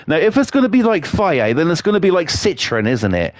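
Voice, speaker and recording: A man's voice: a little high, very animated, a little fast, no echo. A man, chatting on a live game stream in a sweary, rambling, jokey way. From England. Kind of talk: casual chat on a live stream.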